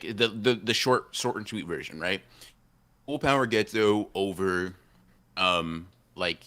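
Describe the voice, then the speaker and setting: Man, very low voice, bright tone, rambling casual podcast debate, slangy. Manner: rambling, repeats himself, slangy. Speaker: podcast co-host.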